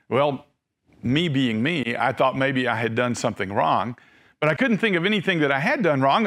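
A middle-aged male preacher delivering a sermon, telling stories and slowing down and softening at emotional moments. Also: medium pitch. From Tennessee.

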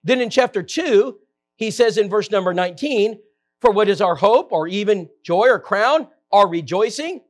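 A man preaching a Bible-teaching sermon, reading scripture aloud in slow, stressed phrases and rising in pitch and volume for emphasis. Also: animated.

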